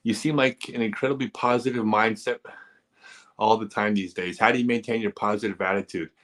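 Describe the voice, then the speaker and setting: Speaking briskly in a fairly low, slightly bright voice with fairly even intonation, this live-stream host takes viewers' questions. He offers frank, sincere advice in a relaxed manner, now and then kidding around and teasing.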